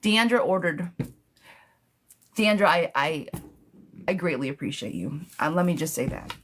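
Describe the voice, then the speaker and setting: A woman reads tarot on a live stream, talking in a casual, affectionate way and calling viewers sweetheart and love bug. Her speech comes in quick, animated bursts with plenty of laughter. There is a faint hiss of background noise under her voice. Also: low-pitched. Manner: affectionate, showers viewers with pet names; animated, talks fast in bursts, laughs often.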